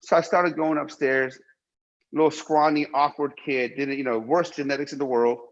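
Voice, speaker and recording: A man's voice: mid-range voice, steady tone, normal speed, dull audio. A middle-aged man from Iran telling his life story emphatically in an interview, repeating himself and swearing freely. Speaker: guest.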